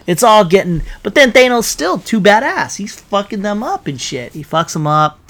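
A man excitedly retelling a big movie battle in a casual, rambling way, swearing a lot and correcting himself as he goes. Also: high voice, normal speed. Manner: frequent self-corrections and fillers. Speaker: vlogger.

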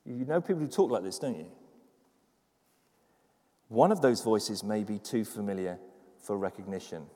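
A man, preaching a sermon as pastor, moving from quiet reflective passages to loud, fervent exhortation. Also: lowish voice, moderate pace, pauses often, long reverb tail. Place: church.

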